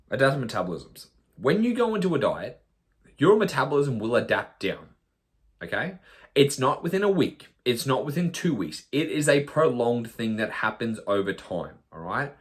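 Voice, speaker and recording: Blunt swearing male nutrition coach. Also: on the low side. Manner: blunt, swears often, mimics clients in quoted asides. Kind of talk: blunt podcast monologue.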